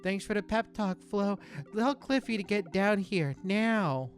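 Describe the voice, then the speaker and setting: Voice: medium pitch, animated, measured pace, soft background music, pitched above the performer's own voice. A streamer putting on a sarcastic fly-captain man. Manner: dry, sarcastic. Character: sardonic male starship captain turned housefly.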